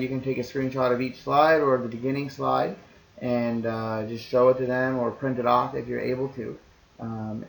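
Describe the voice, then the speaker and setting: Laid-back guy teacher explaining stuff to parents, mid pitch, kinda gravelly. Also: echoey room, rough recording. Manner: easygoing, reassuring, talks things through step by step. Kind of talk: explaining to parents in a recorded lesson.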